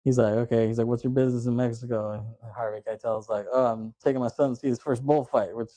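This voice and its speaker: A man's voice: mid-range voice, fairly even intonation, quick pace, warm tone, dry recording. A man hosting a podcast, casually retelling movie scenes and acting out the lines with frequent laughs. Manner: retells scenes in quoted voices, laughs often. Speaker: podcast host. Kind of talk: casual chat recapping a film.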